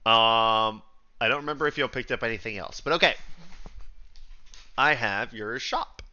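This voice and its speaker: A man serves as game master for a tabletop game, talking loosely and padding his lines with "uh"s and "y'all". His voice is bright and sharp-edged at a middling pitch. The recording is dull and lo-fi. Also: moderate pace. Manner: loose and rambling, many "uh"s and "y'all". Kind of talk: running a tabletop game, casual.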